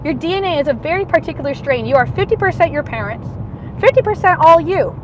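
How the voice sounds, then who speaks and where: A woman livestreaming from her car, ranting passionately, swinging between shouting and muttering. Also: sits high, animated, fast talker. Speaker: livestreaming vlogger. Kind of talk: rambling livestream rant while driving. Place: in a car in city traffic. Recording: noisy car interior. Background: road and traffic noise.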